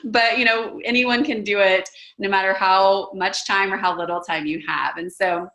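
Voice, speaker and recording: A woman's voice: mid-range voice, steady tone, normal speed, a bit bright. A woman in her thirties with a Texas accent, giving an earnest personal testimonial with frequent ums. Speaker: network marketing presenter. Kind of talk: casual testimonial talk.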